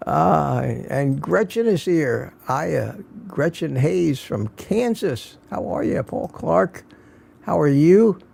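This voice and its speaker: In a relaxed, folksy livestream chat, an older male host welcomes his regulars individually, reading their names and comments aloud. He's animated yet slow, and his somewhat higher-than-average voice has a gravelly edge under a dark, mellow tone.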